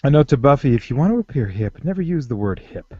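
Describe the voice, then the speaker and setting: Lively-voiced male podcast co-host. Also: mid-range voice, quick pace, dry recording. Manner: enthusiastic, swears casually, jokey. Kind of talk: casual podcast chat. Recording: dry, slightly muffled lo-fi audio.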